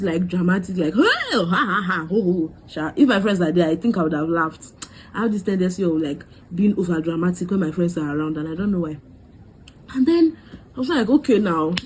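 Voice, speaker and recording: A woman's voice: fairly low pitch, slight background noise, low-quality recording. A young woman tells a storytime vlog, acting out what everyone said. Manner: animated, dramatic quoting of others. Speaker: vlogger.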